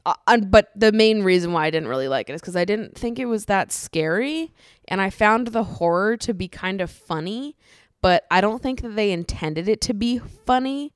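A woman's voice: medium pitch, animated, normal speed, clean tone, dry recording, clean studio sound. A woman hosting a podcast, rambling in a casual, chatty way, swearing freely and laughing often. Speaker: podcast host.

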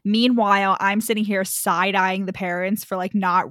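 A woman's voice: mid-range voice, fairly even intonation, moderate pace, a bit bright, no room sound, studio quality. A woman co-hosting a book podcast in casual chat, rambling with lots of "like" and frequent laughter. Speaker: podcast co-host.

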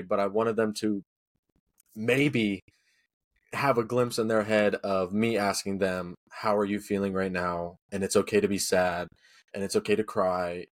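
A man speaks in an unhurried, heartfelt podcast chat. His voice is a little low and he circles around his point, leaning on fillers as he goes. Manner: rambling and earnest, many fillers like "you know". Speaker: podcast co-host. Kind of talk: casual chat.

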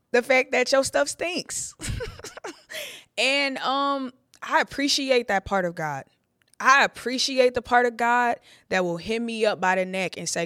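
On a podcast, a young woman preacher shares her testimony candidly and from the heart, conversational and full of "like" fillers. Her voice is a little high and bright, with a forceful tone. The sound is dry and clean, studio quality.

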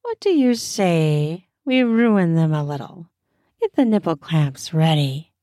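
A woman voicing a dominant, commanding woman who gives slow, stern orders in a lowered voice. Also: sing-song, mellow, no room sound, studio quality, exaggerated voice.

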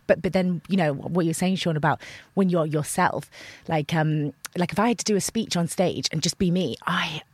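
A woman's voice: on the low side, moderate pace, hardly any pauses, slightly rough, no room sound. A young woman from Lincolnshire, an actor chatting animatedly in a podcast interview and slipping into voices as she tells stories. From England, Lincolnshire. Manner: animated storyteller, slips into voices. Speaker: actor guest. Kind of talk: casual podcast chat. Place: indoor room.

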